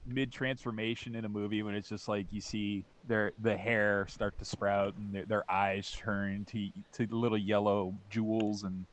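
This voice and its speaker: A man co-hosting a podcast, telling rambling stories with halting restarts and crude jokes. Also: on the low side, little pitch movement. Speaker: podcast co-host. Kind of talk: casual chat.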